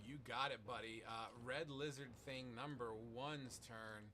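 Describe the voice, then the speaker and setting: A man's voice: medium pitch, fairly even intonation, unhurried, background noise. A man running a tabletop game as game master, narrating monster turns casually and swearing freely between laughs.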